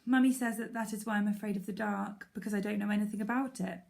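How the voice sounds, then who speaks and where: A woman's voice: mid-range voice, steady tone, fast talker, vocal fry, a little mellow, lightly acted. A woman voicing a small, touchy young male barn owl chick who asks earnest, indignant questions. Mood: puzzled.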